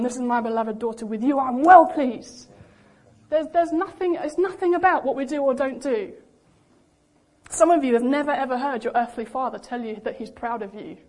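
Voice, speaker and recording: A young woman preaching a sermon in a lively, animated way, acting out the voices she quotes. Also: high-pitched. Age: young adult.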